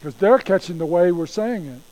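A man's voice: sits high, animated, moderate pace, dark tone, rough recording. A male pastor preaching a sermon in a folksy, conversational way, often repeating himself.

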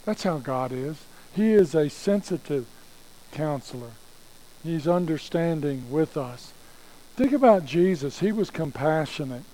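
A man's voice: a little high, expressive, unhurried, warm tone, low-quality recording. A pastor preaching a conversational sermon, repeating phrases and restarting his sentences as he goes.

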